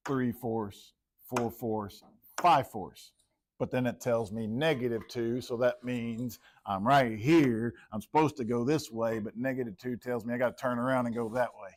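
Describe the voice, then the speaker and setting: Man teaching a math class. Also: mid-range voice. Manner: talking while plotting on the board, quizzing students by name. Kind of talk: classroom lecture.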